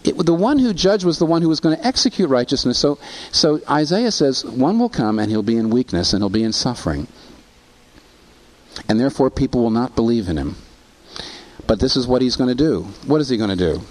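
Guy preaching a sermon, voice swings up and down a lot, asks questions then answers em. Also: brisk. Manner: animated, rhetorical questions, pitch rising on emphasis. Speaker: pastor.

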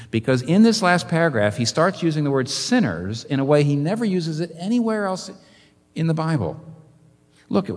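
A man preaching a sermon as a pastor, asking rhetorical questions and swinging between loud and quiet. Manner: animated preaching, rhetorical questions, wide swings in pitch and volume. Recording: long hall reverb.

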